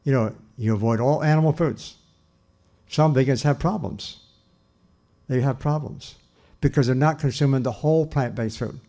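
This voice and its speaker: A man's voice: medium pitch, normal speed, pauses often, warm tone. An older man giving a public lecture on nutrition, earnest and emphatic, often repeating phrases and restarting sentences.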